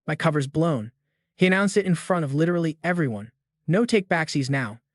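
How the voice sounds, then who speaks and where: A man narrates a story recap in a chatty, slangy voice that sits a little high. He talks straight to his listeners, like a friend passing on gossip. The recording is dry and close, with no room sound. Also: animated, fast, no room sound. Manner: chatty, slangy, addresses the audience directly.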